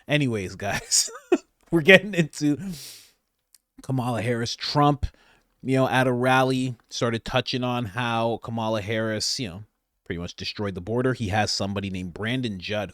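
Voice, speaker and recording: A man hosting political commentary over clips, sarcastic and animated, laughing often. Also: medium pitch, dry recording, studio quality.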